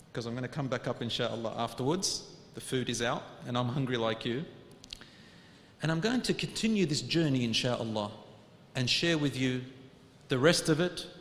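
Man preaching in an echoey hall. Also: medium pitch. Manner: earnest, swings between loud urging and hushed quiet; sprinkles Arabic religious phrases. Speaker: Islamic preacher. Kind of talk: emotional sermon storytelling.

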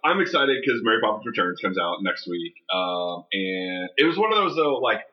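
A man co-hosting a podcast, telling stories in an excitable way with casual swearing. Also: lowish voice, normal speed, lo-fi sound. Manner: excitable, swearing, animated storytelling. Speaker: podcast co-host.

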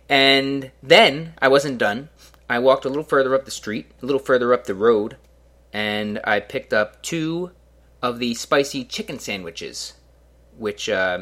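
A man's voice: medium pitch, bright, forceful tone. A young man hosting a casual solo podcast, rambling through a story with self-mocking, sarcastic asides. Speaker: podcast host.

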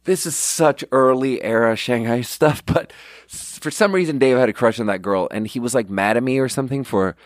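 A man's voice: medium pitch, brisk, no echo, clean studio sound. A young man telling a rambling, profane, self-deprecating story in a casual podcast monologue, sleep deprived. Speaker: podcast host.

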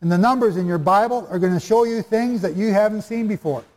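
A man's voice: high-pitched, fast, darkish tone. A man preaching and teaching the Bible to a live audience, chatty and jokey, often quizzing the listeners. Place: hall before a live audience. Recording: long reverb of a large hall.

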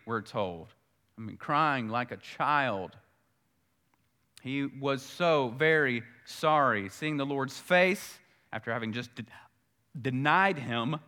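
A man preaching a sermon in a bright, forceful voice. He is earnest and repeats his key phrases, and his voice swells louder whenever he drives home a point. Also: mid-range voice, expressive, measured pace. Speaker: pastor.

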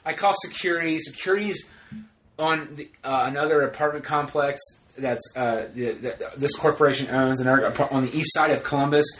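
Profane, animated man with a higher voice. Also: moderate pace, slight background noise. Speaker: podcast co-host. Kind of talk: casual chat.

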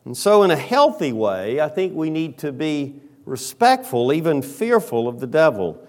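A man preaching a sermon as pastor, talking slowly and deliberately with frequent pauses. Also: very animated. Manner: quiet, lowered voice in prayer.

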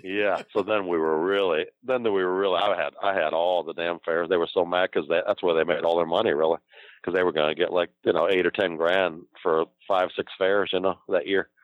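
A low-voiced older man rattles off rambling, profane wrestling stories at a fast clip, often breaking into laughter. The recording is dull and lo-fi, with a dry, close sound and almost no room. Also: fairly even intonation, no echo. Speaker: guest recounting wrestling career. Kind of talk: casual storytelling.

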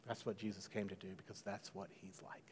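A man preaching a sermon in a conversational way, dropping to a hush and then rising loud. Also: lowish voice, little pitch movement, brisk, slight background noise. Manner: conversational, swings from hushed to loud. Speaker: pastor. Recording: long hall reverb.

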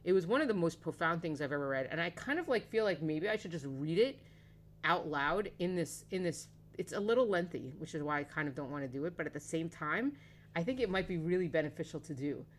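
A woman's voice: deep voice, expressive, a little fast. A woman in a casual conversation reading a long online post aloud, with hesitant asides and slangy, profane phrasing.

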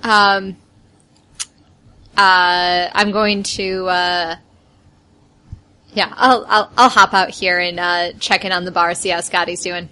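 A woman's voice: on the low side, fairly even intonation, takes it slowly, long pauses, sharp tone, smooth. A woman playing a tabletop role-play character, hesitant with many fillers. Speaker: player.

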